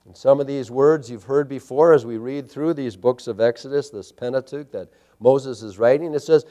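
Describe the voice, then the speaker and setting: A man's voice: mid-range voice, normal speed, dark tone. A man preaching a sermon, emphatic and building with repeated phrases. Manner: emphatic preaching with rising intensity and repetition. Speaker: pastor.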